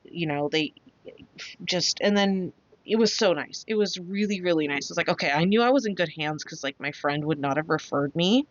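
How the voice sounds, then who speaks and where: A woman's voice: low-pitched, no room sound. A woman hosting a craft channel, chatting casually and rambling through a story with lots of fillers. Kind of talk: casual chat while crafting. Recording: dull, dry lo-fi sound.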